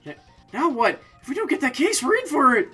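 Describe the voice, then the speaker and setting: Man putting on a squeaky henchman voice, whiny, excitable, bright and loud. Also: a little fast, soft background music, full character voice. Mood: panicked. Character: panicky squeaky male villain henchman. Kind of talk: live game voice-over.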